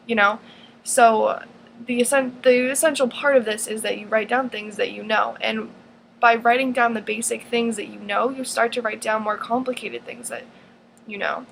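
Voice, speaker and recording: A woman's voice: on the high side, normal speed, gravelly, a bit bright, a little hiss or hum, low-quality recording. A teenage girl in her own advice vlog, talking earnestly and rambling, with lots of fillers and restarts. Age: teens. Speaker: vlogger.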